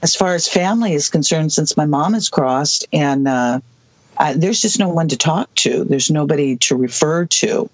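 A person in their sixties from the US Southwest, telling a personal story as an interview guest, halting, with many restarts and asides. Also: mid-range voice, expressive, dry recording. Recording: dull lo-fi dry recording.

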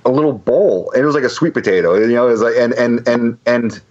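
A man's voice: mid-range voice, fast talker, darkish tone, lo-fi sound. A man casually telling a long anecdote, rambling with frequent restarts and fillers. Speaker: guest storyteller.

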